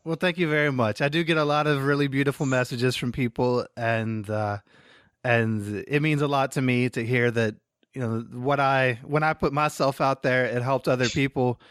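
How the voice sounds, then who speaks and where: A man hosting a podcast interview, speaking gently and encouragingly to his guest. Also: medium pitch, steady tone, moderate pace, clean tone, dry recording, clean studio sound. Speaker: podcast host. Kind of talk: interview conversation.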